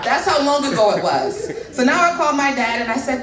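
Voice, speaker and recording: A woman's voice: sits high, big pitch swings, fairly quick, fairly bright tone. A woman in her thirties doing a stand-up set, chatting and teasing the audience. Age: 30s. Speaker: stand-up comedian. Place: comedy club stage. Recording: echoey club from far mic.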